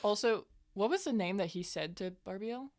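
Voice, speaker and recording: A woman's voice: medium pitch, animated, moderate pace, darkish tone. A woman playing in a tabletop game, talking casually and swearing when surprised. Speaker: player.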